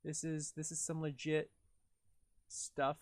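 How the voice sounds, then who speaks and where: This dry recording captures a Canadian man with a slightly high, monotone voice speaking slowly during a video-editing livestream. He chats casually and rambles, says "like" constantly, and talks to himself while working.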